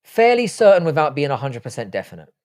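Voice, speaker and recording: A livestream host reads viewer chat aloud and answers it in loose, profane talk during a casual stream. His voice sits on the high side, sing-song and quick, with a darkish tone.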